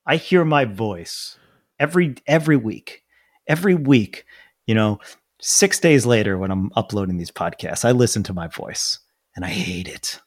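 A man with a deep voice, co-hosting a podcast in casual chat, joking and self-deprecating, often repeating himself. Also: lively intonation, moderate pace. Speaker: podcast co-host.

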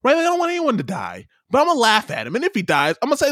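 A man co-hosting a casual political podcast, ranting in an animated, mocking way with stammered restarts. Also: extremely high pitch, rapid-fire, few pauses, no echo, studio quality. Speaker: podcast co-host.

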